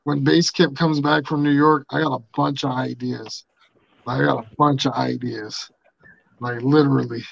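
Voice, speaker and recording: A man's voice: medium pitch, fairly even intonation, normal speed, creaky, a bit bright, dry recording. A man hosting a podcast in casual, rambling banter, laid-back and swearing freely, on dull lo-fi audio. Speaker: podcast host.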